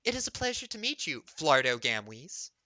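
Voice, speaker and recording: A man's voice: mid-range voice, sing-song, moderate pace, sharp tone, no echo, rough recording. A man voicing a flirty female bird-person bard who repeats and stutters words like a mimic. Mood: coy.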